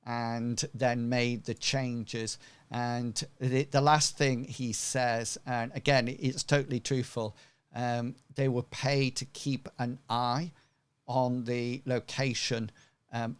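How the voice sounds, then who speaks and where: A man narrating as game master, relaxed and full of fillers. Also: medium pitch, takes it slowly, clear, resonant tone.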